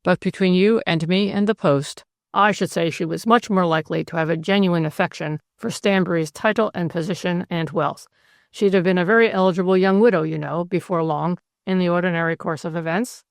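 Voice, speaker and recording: A woman's voice: lowish voice, fairly even intonation, a little fast, no echo, natural voice. A woman voicing an older male magistrate who talks in a sly, dry, confidential way.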